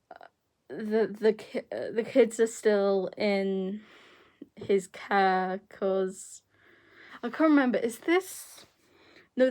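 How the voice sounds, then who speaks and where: A woman's voice: mid-range voice, darkish tone. A young woman chatting casually to camera, rambling with many fillers and restarts. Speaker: vlogger. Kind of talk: casual chat.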